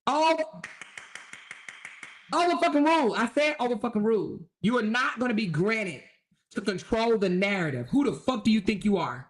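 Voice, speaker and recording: A woman's voice: a little high, animated, moderate pace, natural voice. A woman host voicing a brusque, furious judge who scolds a litigant with profanity, in satirical commentary. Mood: scolding. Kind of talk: satirical commentary role-play.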